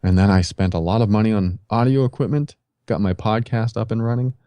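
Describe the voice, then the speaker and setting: A man's voice: lowish voice, brisk, mellow, clear, resonant tone, dry recording. A man guest on a podcast, telling his life story in a casual interview and acting out his own past reactions.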